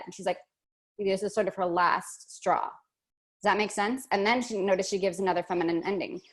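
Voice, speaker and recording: A woman's voice: mid-range voice, steady tone, normal speed. A woman teaching an online workshop lesson, chatty and thinking aloud with many fillers and restarts.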